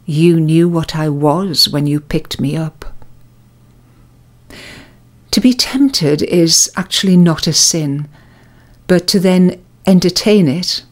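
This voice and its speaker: A woman giving a scripted spiritual reflection, telling a story and drawing its lesson in a calm, measured way. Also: lowish voice. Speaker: devotional presenter.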